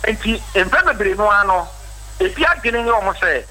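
A Ghanaian doctor speaks as a guest on a radio show, explaining his advice in a measured way. His voice is very bright and fairly high, with a lively, wide-ranging melody. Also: low-quality recording.

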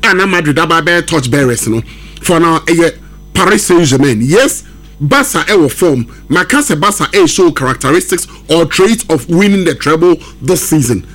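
A man giving his views as a football pundit on a sports radio show, animated and emphatic. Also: on the high side, moderate pace, faint music behind.

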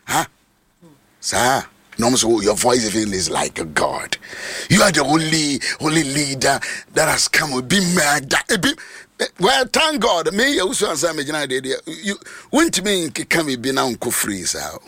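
Fiery preacher with a gravelly voice. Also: male voice, on the high side, very animated, measured pace, no room sound. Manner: dramatic preaching, mixing Twi and English, sudden shouts and repetitions. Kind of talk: sermon.

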